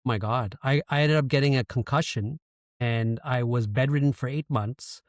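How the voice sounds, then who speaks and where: Casting: man in his thirties from Canada, candid podcast guest, mid pitch, dry close sound. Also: normal speed, dry recording. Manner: candid, emotional storytelling with frequent swearing. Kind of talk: casual storytelling interview.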